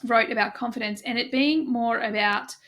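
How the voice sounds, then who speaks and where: A woman's voice: on the high side, normal speed, fairly bright tone. A woman hosting a podcast interview, enthusiastic and effusive, chatting casually with many fillers. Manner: enthusiastic and effusive, lots of "like" and "you know". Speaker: podcast host.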